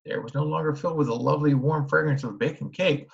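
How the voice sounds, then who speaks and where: A man's voice: a little high, fast talker, vocal fry. Man reading a children's book aloud. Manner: steady storytelling with small restarts. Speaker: audiobook narrator. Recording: dull lo-fi recording.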